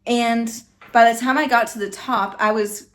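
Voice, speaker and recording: A woman's voice: on the high side, fairly even intonation, normal speed. A woman hosting a reaction video, giving blunt, opinionated commentary in a casual, chatty way.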